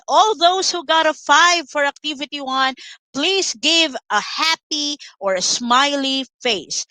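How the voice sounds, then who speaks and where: A woman teacher with a Filipino accent leading an online lesson, reading quiz items clearly and patiently calling out students' names. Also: high voice, sharp tone, no echo, rough recording. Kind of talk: online live-stream lesson.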